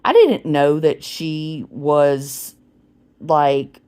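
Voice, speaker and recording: Lady in her 40s, low voice, kinda slow, rambly vlog chat, feeling sick. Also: animated, warm tone. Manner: rambling, chatty, with frequent restarts. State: unwell, clearing throat. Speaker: vlogger. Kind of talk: casual storytelling.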